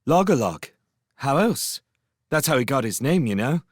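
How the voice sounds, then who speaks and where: A man voicing a cheeky, loud female shrew who chats and boasts in a storybook reading. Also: on the high side, big pitch swings, measured pace, dry recording, clean studio sound, pitched above the performer's own voice. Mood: chatty. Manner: chatty, boastful.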